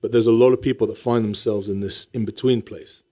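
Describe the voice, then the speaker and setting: A man's voice: fairly low pitch, steady tone, a little fast, dark tone. A middle-aged man from Morocco, a guest actor in a casual podcast interview, talking thoughtfully and often restarting his sentences. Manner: thoughtful, many restarts and repeated words.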